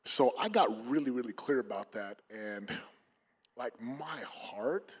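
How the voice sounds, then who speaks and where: Husky-voiced man, emphatic panel speaker. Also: mid-range voice, animated, unhurried. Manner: emphatic, many fillers and restarts. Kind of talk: motivational panel talk.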